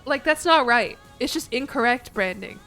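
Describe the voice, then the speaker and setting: A woman streaming a game, chatting casually in a rambling, jokey way full of quick asides. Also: on the high side, animated, sharp tone, soft background music. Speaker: VTuber streamer. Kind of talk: casual livestream commentary while gaming.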